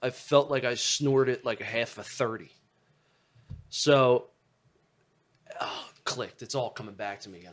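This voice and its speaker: A man's voice: medium pitch, measured pace, long pauses. A young man telling a rambling, profane story in casual chat.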